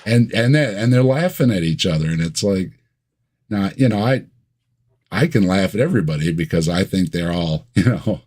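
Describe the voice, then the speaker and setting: A man's voice: deep voice, expressive, normal speed, a little mellow. A man talking as a guest in a casual chat. He is easygoing with dry humor and often repeats words as he starts a thought.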